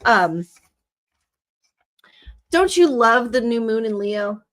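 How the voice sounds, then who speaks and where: A woman's voice: a little high, expressive, takes it slowly, a bit bright. A woman hosting a live stream in casual chat, her accent mixing Californian with a Southern twang, rambling and laughing as she talks. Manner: chatty, rambling, laughing asides.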